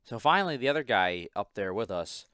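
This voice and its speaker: A man's voice: fairly low pitch, big pitch swings, a little fast, bright, forceful tone, clean tone, dry recording, studio quality. A man hosting a casual podcast, telling a work story in a profane, exasperated way. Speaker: podcast host. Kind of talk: casual chat.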